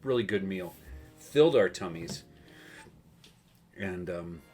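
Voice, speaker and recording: A man's voice: low voice, animated, unhurried, long pauses, over music. A man in his thirties, host of a gaming show, telling a rambling story with chuckles while playing a video game. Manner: rambling, chuckling, with many fillers and restarts.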